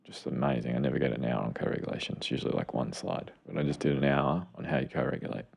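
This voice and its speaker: A middle-aged man with a very deep, gravelly, dark voice. He co-hosts a podcast and explains things earnestly and with open enthusiasm, in a casual tone. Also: quick pace. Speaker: podcast co-host, clinician. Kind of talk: casual chat.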